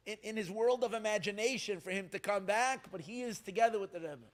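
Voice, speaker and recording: A man, a rabbi, telling stories at a gathering in an animated, halting way, with many restarts. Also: sits high. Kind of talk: storytelling talk.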